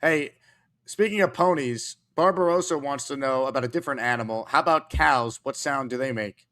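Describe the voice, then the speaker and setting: A man hosting a talk show, teasing a caller in playful banter with a deadpan tone. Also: medium pitch, brisk. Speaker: host.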